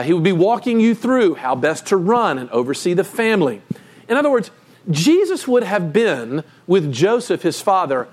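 A man preaching a sermon as pastor, telling the story with emphatic, animated delivery. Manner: animated, emphatic storytelling with sudden pitch jumps.

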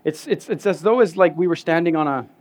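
A man, a pastor, giving an earnest, conversational sermon, often dropping to soft, quiet stretches and repeating words. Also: fairly high pitch, fast.

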